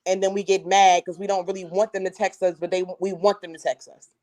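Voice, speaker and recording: A woman co-hosting a casual podcast chat, telling stories in a lively, slangy way. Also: medium pitch, fast talker. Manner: animated storyteller, slangy and laughing. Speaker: co-host.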